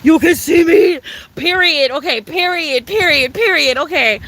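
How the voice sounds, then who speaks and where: A woman's voice: high voice, a little slow, fairly bright tone, low-quality recording. A young woman chatting live with viewers in a bubbly, profane way. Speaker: livestreamer. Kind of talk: casual live chat. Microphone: phone.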